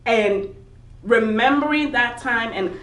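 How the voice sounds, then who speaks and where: A woman's voice: on the high side, takes it slowly, fairly bright tone, far from the mic. A woman in her thirties, an interview guest, candidly telling a hard personal story and laughing through it. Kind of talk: emotional personal testimony. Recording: echoey room, voice from off-mic.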